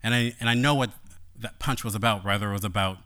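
Guy telling his own story, bright voice, lively and playful. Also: fairly low pitch, quick pace. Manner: animated, playful, turns quiet and reflective. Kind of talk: personal story told on stage.

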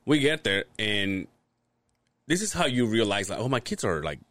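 Podcast co-host, male, lively swooping delivery, laughs and cusses through his anecdotes. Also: fairly low pitch, moderate pace, no echo. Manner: animated, swearing, laughs through his stories. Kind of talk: casual storytelling chat.

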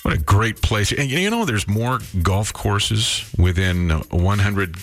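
A man with a lowish voice hosts a radio show. He chats easily with his co-host and reads out contest details in a relaxed, conversational way. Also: slow, faint music behind. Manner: relaxed, chatty, reads promos. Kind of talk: morning radio banter.

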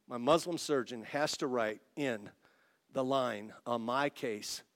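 Delivering a testimony sermon to his congregation, a pastor from Italy speaks slowly at a medium pitch. He performs both voices in each exchange, rising to moments of excitement.

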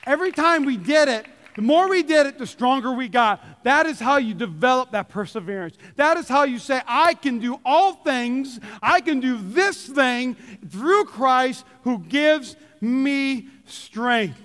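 A man preaching a sermon, animated and joking, calling out to the congregation. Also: extremely high pitch, measured pace, hardly any pauses. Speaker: pastor. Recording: long hall reverb.

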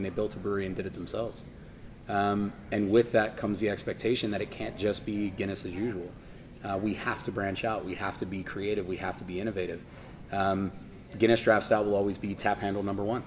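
A man's voice: on the low side, level tone, a little mellow, slight background noise. A man from Baltimore, a brewery representative, talking casually in an interview and often restarting his sentences. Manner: thoughtful, speaks in halting restarts.

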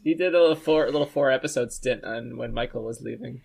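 A woman's voice: a bass voice, quick pace, vocal fry, a little mellow, slightly rough. A woman co-hosting a podcast, joking and rambling off on tangents. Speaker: podcast co-host. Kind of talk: casual podcast chat.

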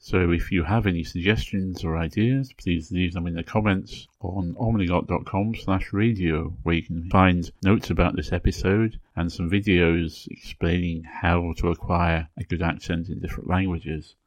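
A man from England speaking with a Received Pronunciation accent, giving a measured, clearly enunciated educational talk as a podcast host. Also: sits low, fairly even intonation, no echo. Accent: English Received Pronunciation.

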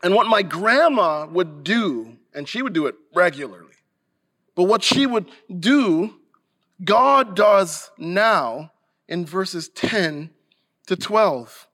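A man's voice: high-pitched, expressive, slow, bright, forceful tone. A male pastor preaching a sermon earnestly and emphatically, sometimes restarting a phrase.

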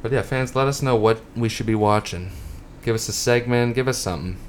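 A man's voice: medium pitch, brisk, slight background noise. A man co-hosting a podcast in casual chat, loose and jokey, laughing often. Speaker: podcast co-host.

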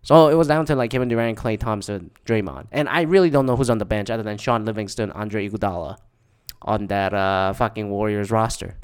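Swearing guy rambling through a story, smooth clear voice, tons of filler words. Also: lowish voice, brisk. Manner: profane, rambling, with frequent fillers. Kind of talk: casual rambling monologue.

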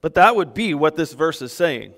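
A man preaching a sermon as pastor, emphatic and animated, with small laughs between points. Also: a little high, moderate pace, in a large hall.

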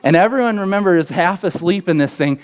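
A young adult man, a pastor, preaching a sermon and telling a story with lively acted quotes. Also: fast talker, clear, resonant tone. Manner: storytelling with acted quotes, pitch jumping up in excited parts.

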